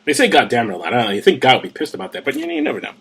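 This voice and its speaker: Brief: husky man, lively swings in pitch, rambling and profane, a little drunk. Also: very fast. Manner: rambling, profane, tipsy asides. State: drinking gin. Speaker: host of a comedic Bible reading. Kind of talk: casual comedic commentary.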